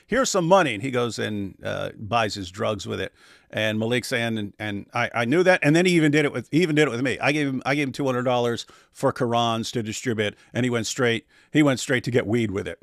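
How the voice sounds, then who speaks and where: A man's voice: medium pitch, a little fast, vocal fry, no echo, clean studio sound. A man co-hosting a livestream, sarcastic and mocking in his commentary. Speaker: co-host.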